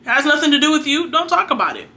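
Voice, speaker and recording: Her voice is high-pitched and sharp, and she races along with great animation. The young woman is a faith vlogger giving viewers an earnest, chatty faith talk, a casual preachy monologue that exhorts while staying conversational.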